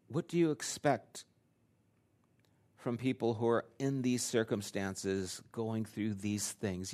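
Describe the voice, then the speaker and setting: An older man, a grandfather, preaching a sermon and telling a personal story, acting out his own lines and dropping to a hushed delivery at times. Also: mid-range voice. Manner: drops to a hushed, quiet delivery. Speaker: pastor.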